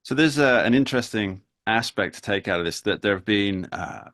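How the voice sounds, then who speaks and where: A man hosting a political discussion, speaking in a measured, wry way and pausing to rephrase himself. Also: on the low side, fairly bright tone. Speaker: host.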